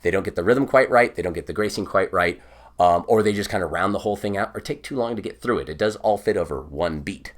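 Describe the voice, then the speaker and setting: Speaking quickly in a deep voice, a bagpipe teacher gives an online lesson. He patiently explains each step and sings the counts aloud.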